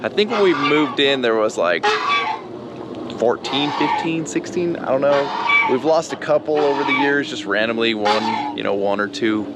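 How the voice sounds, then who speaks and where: A man's voice: mid-range voice, moderate pace. A man vlogging on his farm, chatting casually and talking playfully to his animals. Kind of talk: casual vlog chat. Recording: loud background noise with farm animals.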